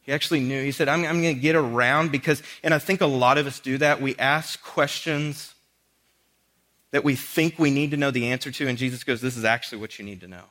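Pastor, chatty sermon style, bright and slightly high. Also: male voice, steady tone, fairly quick. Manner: conversational, acts out dialogue with casual asides.

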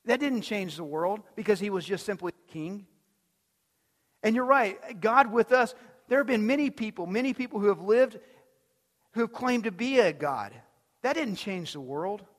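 High-voiced pastor in a reverberant hall. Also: male voice, animated, normal speed. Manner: conversational storytelling, asks the crowd questions. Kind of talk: sermon.

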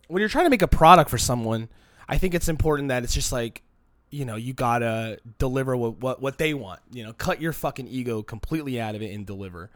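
A man's voice: medium pitch, brisk, no room sound. A man and comedian rambling in a casual, profane vlog monologue to a phone camera, his voice a little shaky. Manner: profane, rambling, animated with mocking quoted voices. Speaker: comedian self-producing a video. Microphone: phone used as camera.

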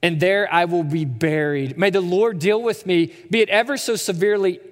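A man's voice: high voice, moderate pace, in a large hall, natural voice. A man voicing a steadfast, devoted young widowed woman, pleading earnestly with emphatic repeats. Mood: resolute.

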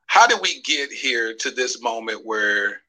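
A man hosts a podcast from a studio, his voice very bright and forward. He talks in an earnest, pastoral way, gently pressing his guests with questions and slipping into prayer. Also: medium pitch, lively intonation, a little slow, low-quality recording. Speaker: podcast host.

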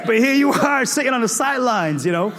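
Man, from Cape Verde, preacher, comic storytelling, playful exclamations, high voice, hall echo. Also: fairly quick, vocal fry, noisy background. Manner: animated, playful, breaks into shouts and laughter. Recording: echoey hall reverb.

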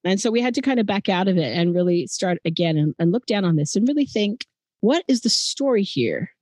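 Co-hosting a true-crime podcast, a South Australian woman from Adelaide lays out the story in an earnest, chatty Australian-accented way. Her mid-range voice is expressive, brisk and a little mellow, recorded with no room sound.

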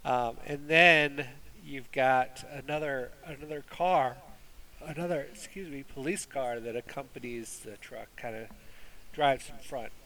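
Guy casually reviewing a movie, talks slow, lots of uh and um, bright punchy voice. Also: medium pitch, poor audio. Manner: rambling, many fillers and restarts. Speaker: movie review podcast host.

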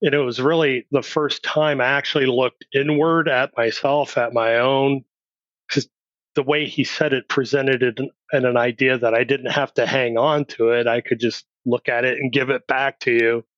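A man's voice: mid-range voice, steady tone, moderate pace, a bit bright, dry recording. A middle-aged man, a podcast guest, telling his life story candidly in a blunt, plain-spoken way and acting out remembered dialogue. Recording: dry, slightly dull recording.

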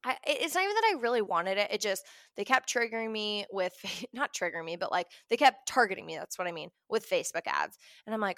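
A young woman talking casually to camera about money, chatty and animated, acting out her own reactions. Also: mid-range voice, fairly quick, no echo, clean studio sound. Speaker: personal finance vlogger.

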